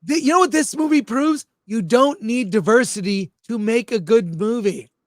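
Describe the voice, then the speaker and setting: A man's voice: very high-pitched, animated, moderate pace, no echo. A man co-hosting a casual livestream film review show, blunt and jokey, reading viewer comments aloud. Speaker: film critic co-host.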